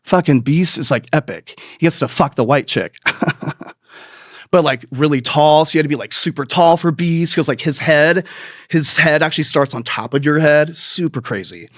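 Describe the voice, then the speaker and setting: A man spins a crude comic story as a podcast host, rambling and swearing freely while mocking himself. His voice sits a touch high for a man, and the sound is close and dry with no room around it. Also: normal speed, fairly bright tone, no echo. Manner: rambling, profane, self-mocking, laughs at his own stories.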